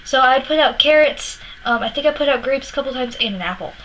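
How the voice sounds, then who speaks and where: A woman's voice: sits high, animated, fast talker, a bit bright, a little hiss or hum, poor audio. Young woman rambling through a vlog. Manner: rambling, many fillers and restarts. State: tearful, upset. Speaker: vlogger. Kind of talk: personal storytelling vlog.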